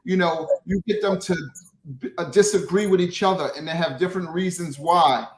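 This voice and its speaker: Man with a high voice explaining in an interview, restarts often, sounds recorded in an echoey room. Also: fairly even intonation, a little fast. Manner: explanatory, frequent restarts and "right?" tags. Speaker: guest, social media creator. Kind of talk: interview answers. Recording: roomy echo.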